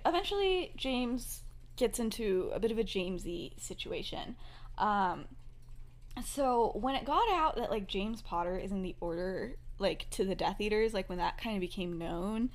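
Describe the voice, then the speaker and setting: Young female podcast host, chatty storyteller, laughs a lot, acts out her characters' lines. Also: medium pitch. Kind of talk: casual fan-fiction storytelling chat.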